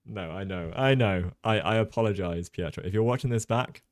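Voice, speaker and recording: A man from Jersey, a chess streamer doing relaxed livestream commentary, chatty with many ums, reading chat aloud. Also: on the low side, fairly quick, no room sound, studio quality.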